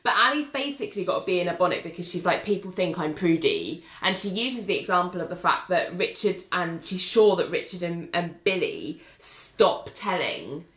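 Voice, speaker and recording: Woman co-host, casual recap chat, lively retelling, echoey room. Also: lowish voice, moderate pace, few pauses. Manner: animated retelling, acting out quotes with "like". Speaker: podcast co-host.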